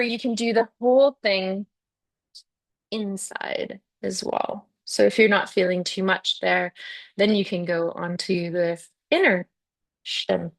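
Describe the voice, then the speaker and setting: A woman teaching a yoga and fascia class. She guides and encourages her students in a chatty way, with frequent "yeah" and "okay". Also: medium pitch. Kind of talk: guiding a live yoga class.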